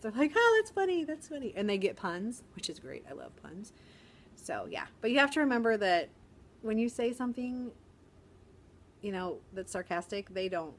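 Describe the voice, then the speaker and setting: A middle-aged woman, a first grade teacher, chatting casually in a vlog from a quiet corner of her school, with a sarcastic humor and quick laughs. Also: fairly low pitch, a little hiss or hum.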